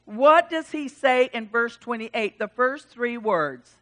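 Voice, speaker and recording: A woman preaching a sermon, animated, swinging from loud exclamations to hushed asides and acting out the voices of the people in her text. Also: fairly high pitch, slow pace. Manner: acts out quoted voices of God and Elijah.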